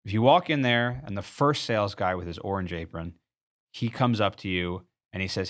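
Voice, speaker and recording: Low-voiced man coaching on sales. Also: moderate pace, a bit bright. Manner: earnest, explains through a walked-through store example. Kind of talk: sales training talk.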